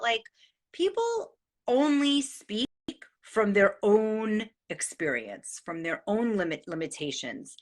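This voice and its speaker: A middle-aged woman from New gives an excitable, profane motivational monologue as the host. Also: on the high side. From New York. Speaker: host sharing life advice.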